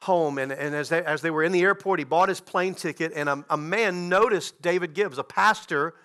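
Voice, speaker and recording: A man preaching a sermon as a guest pastor, telling a story in an animated way with frequent restarts. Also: a little high, a little fast.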